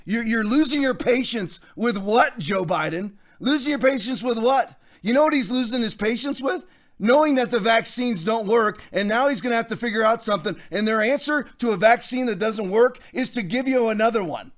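A man with a high-pitched voice hosting a podcast, delivering political commentary as an emphatic monologue. He preaches at his listeners and reads scripture aloud between points. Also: normal speed. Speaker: podcast host.

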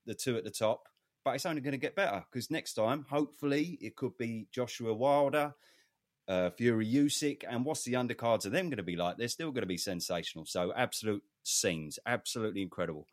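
Hyped-up host, dry sound. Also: male voice, mid-range voice, a little fast, no room sound. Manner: enthusiastic, hypes things up, swears. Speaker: podcast host. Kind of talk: casual chat.

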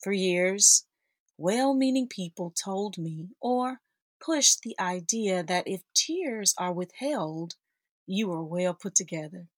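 Slow, expressive, and heartfelt, a forties-aged podcast host shares a personal story in a husky, slightly low voice, addressing her audience as "sisters" and "y'all." Her audio is close and dry, with no room echo.

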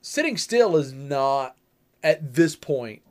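A man's voice: a little high, big pitch swings, slow. A man and young father chatting about parenting, explaining things point by point with dry humor. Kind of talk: casual chat about parenting.

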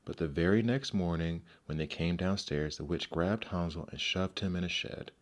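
Deep-voiced male storybook narrator. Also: moderate pace.

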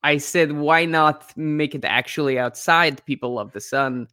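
A man's voice: on the high side, unhurried, sharp tone, no echo, studio quality. Tom Nook: a man doing a shady raccoon landlord with a fake Russian accent. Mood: shifty. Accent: put-on vague Russian-sounding accent. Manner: broken English, evasive and hesitant. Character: shady scheming male raccoon landlord tycoon. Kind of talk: improvised comedy character interview.

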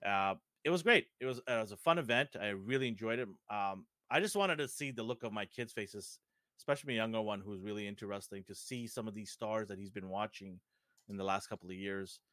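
A middle-aged Fijian man co-hosts a podcast, chatting casually and animatedly acting out the people in his stories. His voice is on the low side and fairly quick. The studio-quality recording has no room sound.

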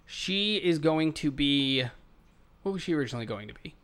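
A man's voice: fairly high pitch, animated, a bit bright, clean tone. Chatty man recapping a movie. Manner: recounts scenes, quoting characters in quick bursts. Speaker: podcast co-host. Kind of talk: casual movie discussion.

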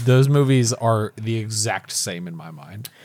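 A man's voice: fairly low pitch, lively intonation, measured pace, a little mellow, dry recording. A man co-hosting a podcast, making wry jokes in casual chat. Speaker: podcast co-host.

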